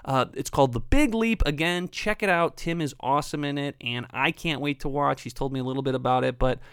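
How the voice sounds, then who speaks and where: A man's voice: medium pitch, fairly quick, fairly bright tone, clean tone, no room sound. A man co-hosting a casual comedy podcast, joking and self-deprecating in his banter. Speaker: podcast co-host.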